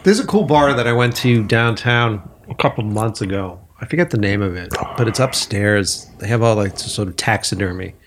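A man's voice: lowish voice, expressive, moderate pace, few pauses, slight background noise. A man hosting a casual podcast interview, laid-back and curious, laughing easily and swearing casually. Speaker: podcast host.

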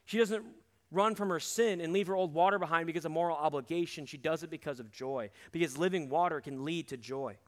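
Earnest young preacher in a big echoing hall. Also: male voice, fairly quick. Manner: earnest, emphatic, dropping low for key points. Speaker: campus ministry preacher. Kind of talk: sermon. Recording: long hall reverb.

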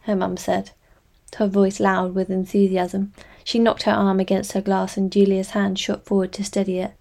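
A woman reading a novel aloud in measured, scripted narration. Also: medium pitch, completely flat delivery, creaky, dark tone. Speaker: audiobook narrator.

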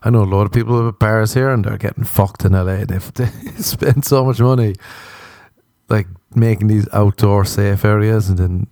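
A man with a Cork Irish accent hosting a podcast, in a rambling, profane comedic monologue with muttered deadpan asides. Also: lowish voice, normal speed, no room sound, clean studio sound. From Cork, Ireland. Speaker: podcast host.

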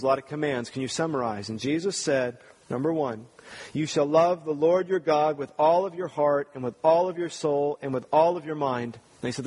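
A man's voice: on the high side, a little mellow, slightly rough. A man preaching a sermon, earnest and talking to the congregation with rhetorical questions. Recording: long reverb of a large hall.

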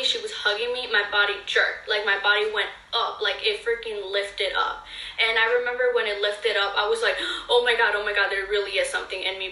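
A woman's voice: fairly high pitch, pushed and bright, distant mic. A young woman earnestly telling a personal story to her viewers in a casual, filler-heavy way. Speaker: vlogger. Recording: echoey room, voice a bit off-mic.

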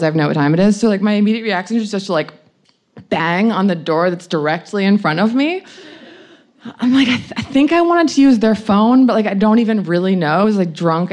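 A woman's voice: lowish voice, fairly quick, a little mellow. A young adult woman frankly telling a personal anecdote in a chatty way, laughing often and saying "like" a lot. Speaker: storyteller.

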